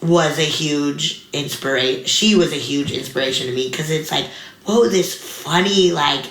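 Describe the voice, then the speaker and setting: A young woman comedian telling stories in a casual interview, animated and full of fillers, acting out the voices of others. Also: deep voice, measured pace. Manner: animated, many fillers, acts out quoted voices. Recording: echoey room.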